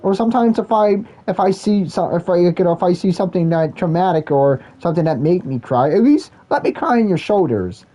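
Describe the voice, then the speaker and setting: A man's voice: high-pitched, expressive, a little fast, hardly any pauses, warm tone, highs cut off. A man ranting casually while playing a game, rambling and restarting his sentences often. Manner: rambling, repetitive, many restarts. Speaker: gaming vlogger. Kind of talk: casual rant while gaming.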